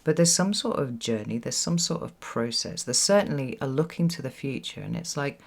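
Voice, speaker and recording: Children can be found nearby as this tarot reader gives a reflective solo reading to camera. Her mid-range voice is creaky, with lively intonation and a moderate pace, and she often repeats words for emphasis and asks "right?".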